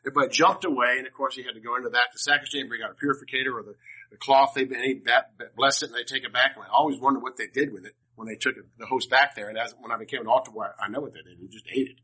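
A man's voice: mid-range voice, steady tone, very fast, pushed and bright, breathy edge, poor audio. An older man from Washington, D.C., telling personal stories to a class in a rambling, humorous way, often restarting his sentences. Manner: rambling, self-interrupting, humorous. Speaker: speaker to a class. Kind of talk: personal storytelling talk.

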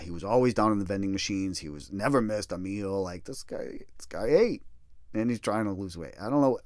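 A man telling a story in a casual, profane and animated way. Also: mid-range voice, no echo, clean studio sound. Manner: profane, animated, restless retelling. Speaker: storyteller recounting prison time.

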